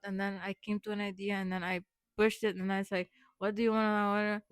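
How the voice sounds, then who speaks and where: A young woman vlogging casually, rambling with many fillers and restarts, speaking warmly affirming words to her viewers. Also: medium pitch, little pitch movement, quick pace, clear, resonant tone, dry recording, clean studio sound. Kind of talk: rambling personal vlog.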